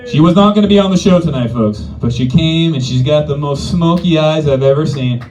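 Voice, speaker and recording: Male host, high-pitched, loud intros, distant live recording with loud music. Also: fairly quick, lo-fi sound, background noise. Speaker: comedy show host. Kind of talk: emceeing a live comedy show.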